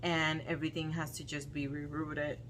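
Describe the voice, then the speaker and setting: Woman, plant vlogger, unhurried and halting, lowish voice, faint background noise. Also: little pitch movement, fairly bright tone. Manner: slow, halting, dismayed talk with frequent ums. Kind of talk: casual unboxing commentary.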